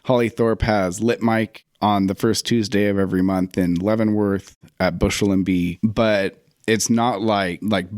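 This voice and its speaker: A man with a fairly low voice talks as a guest in a relaxed interview. He tells stories in a reflective way and drops into his own past remarks as quotes. The sound is dry and close, with no room around it. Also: no echo. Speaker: guest, writer and theater director. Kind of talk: casual interview conversation.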